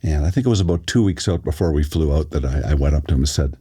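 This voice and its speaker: Man, very low voice, dark mellow tone, relaxed anecdotal storytelling, guest actor in interview. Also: fast, slightly rough. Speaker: actor and audiobook narrator, guest.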